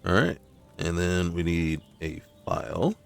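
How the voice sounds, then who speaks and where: A man's voice: low voice, animated, unhurried, vocal fry, clean tone, faint music behind. A man hosting a gaming channel gives casual commentary on his gameplay, talking to himself and crying out in frustration when things go wrong. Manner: talks to himself, exclaims in frustration.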